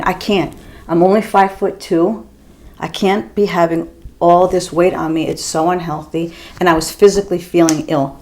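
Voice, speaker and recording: A woman in her fifties from the US East Coast, chatting bluntly while she does her makeup at home, with the odd swear word. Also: lowish voice. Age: 50s. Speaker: beauty vlogger. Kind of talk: casual makeup tutorial chat.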